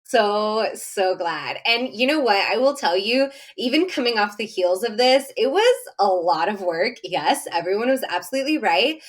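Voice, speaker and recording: A woman guest on a podcast, telling her story in an animated, effusive way with lots of fillers. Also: medium pitch, normal speed, few pauses. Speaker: podcast guest, summit host. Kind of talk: casual podcast interview.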